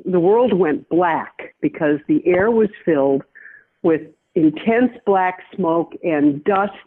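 A woman's voice: fairly low pitch, slightly rough. Older woman recounting over a tinny phone line. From American Midwest. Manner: measured, reflective recounting with many restarts. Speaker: veteran journalist guest. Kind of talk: personal storytelling in an interview.

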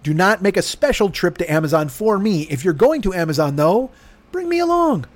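Hoarse man in his fifties, solo podcast host, profane self-deprecating comic rambler. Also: high-pitched, animated, a little fast. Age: 50s. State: hoarse from yelling. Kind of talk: casual solo podcast monologue. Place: home room with air conditioner.

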